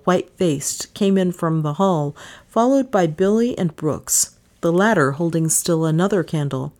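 A woman narrating an audiobook in a measured, unhurried reading voice. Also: deep voice, a little mellow.

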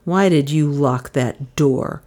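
A woman voicing an angry young man who speaks forcefully and menacingly, in a slightly lower, slower voice.

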